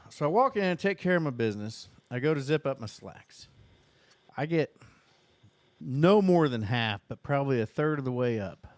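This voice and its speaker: A man's voice: mid-range voice, animated, a little fast, no room sound. Man, Southern Indiana accent, profane rambling storyteller, dry close mic. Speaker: podcast co-host. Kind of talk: casual storytelling.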